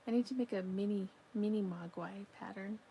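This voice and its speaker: Chatty woman with a mellow voice. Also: medium pitch, fairly quick, a little hiss or hum, low-quality recording. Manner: chatty, yawning, talks to her pet between comments. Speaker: livestream crochet crafter. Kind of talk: casual live-stream chat reading comments. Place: home.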